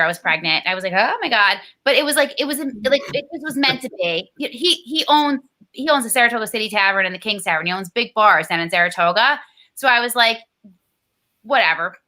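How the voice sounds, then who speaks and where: A woman's voice: medium pitch, pushed and bright. A woman in her thirties chatting casually on a video call, rambling and swearing, full of "like". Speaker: guest. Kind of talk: casual chat.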